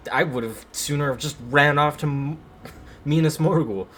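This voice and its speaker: A man's voice: a little high, normal speed, a bit bright, slight background noise. A man casually commenting while he plays a video game on a stream, wry and sardonic, swearing freely.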